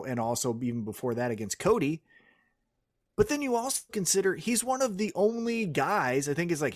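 A man co-hosting a casual wrestling podcast, talking fast and with strong opinions. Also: on the high side. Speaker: podcast co-host.

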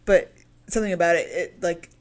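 A woman's voice: fairly low pitch, fairly quick. Woman gushing about songs on a podcast. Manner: gushing, giggly, sweary. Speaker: podcast co-host. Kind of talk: casual music review chat.

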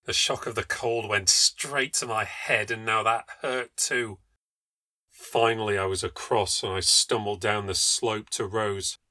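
A man reading a first-person ghost story aloud for a podcast, in a measured, low-key storytelling voice that lifts at tense moments. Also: steady tone, bright, forceful tone, dry recording.

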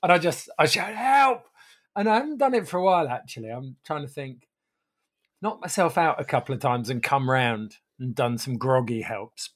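A man calmly telling a casual story in a matter-of-fact way, often dropping into quiet asides. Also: mid-range voice.

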